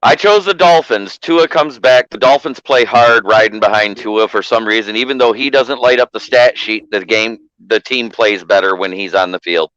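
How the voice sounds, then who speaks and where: A man's voice: on the low side, moderate pace, few pauses, fairly bright tone, no room sound, lo-fi sound. Matter-of-fact man explaining his pick. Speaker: podcast panelist. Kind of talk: casual podcast chat.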